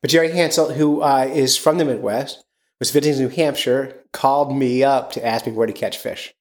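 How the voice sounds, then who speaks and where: A man's voice: medium pitch, moderate pace. A man hosting a casual podcast, rambling and upbeat with lots of fillers. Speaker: podcast host.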